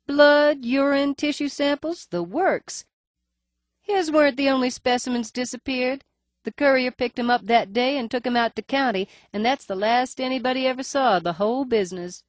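A brusque, sly middle-aged records clerk, put on by a woman reading an audiobook, talking in a nasal, higher-pitched voice with the faintest lisp. She is blunt and emphatic, and the reading sounds dry and close. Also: normal speed, no room sound, natural voice. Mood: emphatic gossipy. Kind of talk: audiobook character voice.

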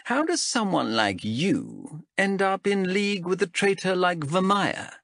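A shrewd female elf captain who needles and threatens in a sardonic, lilting voice, put on by a man. Her pitch sits higher and swings widely. The recording is dry and close. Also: wildly swooping pitch, unhurried, vocal fry, a bit bright, no echo, exaggerated voice. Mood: probing. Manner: sardonic, wheedling, menacing. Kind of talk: audiobook character voice.

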